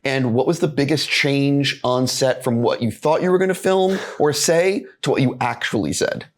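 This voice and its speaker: A man's voice: mid-range voice, expressive, normal speed. A man interviewing actors in a loose, chatty way with casual swearing.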